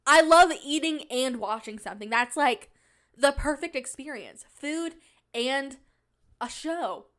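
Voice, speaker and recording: High-voiced, rambling young woman podcaster. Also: measured pace. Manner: rambling, animated storytelling with jokey asides. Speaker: podcast host. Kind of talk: casual solo podcast chat. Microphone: podcast microphone on a stand.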